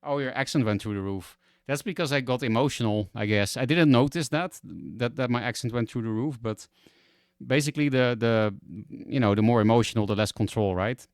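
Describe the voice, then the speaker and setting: A man's voice: medium pitch, brisk, dry recording, studio quality. A young man from the Netherlands with a Dutch accent, chatting and ranting casually as a streamer, swearing and exasperated.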